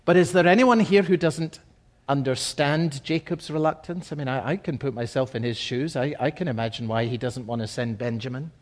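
A man preaching a sermon as pastor, reading scripture verses and explaining them, slowing and dropping softly on key phrases. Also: medium pitch.

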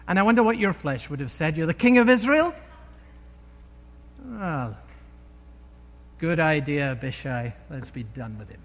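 A man preaching a sermon, retelling a scripture story with emphatic, animated delivery and rhetorical questions. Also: on the high side, moderate pace, big-room sound.

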